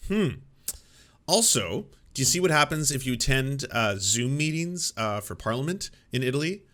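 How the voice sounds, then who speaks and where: Bright-voiced guy, sarcastic and dry, reacting to a stream. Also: mid-range voice, expressive, moderate pace. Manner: wry, sarcastic. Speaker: show co-host. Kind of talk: casual reaction commentary.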